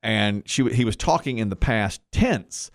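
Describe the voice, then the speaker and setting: Low-voiced, lively middle-aged male host. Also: unhurried, dry recording, clean studio sound. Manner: chatty storyteller, acts out quotes. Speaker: radio show host. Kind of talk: casual talk-show chat.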